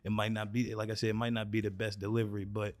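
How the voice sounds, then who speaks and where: A man's voice: on the low side, level tone, fast talker, dry recording. A man who is a podcast guest, speaking candidly about taking advice to heart. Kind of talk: casual podcast conversation.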